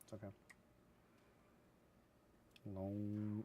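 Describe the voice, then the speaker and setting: A man's voice: lowish voice, normal speed, mellow, slight background noise. A man casually commenting on his gameplay, joking, humming and mumbling to himself. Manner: goofy, hums and sings to himself, mumbles. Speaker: gaming streamer.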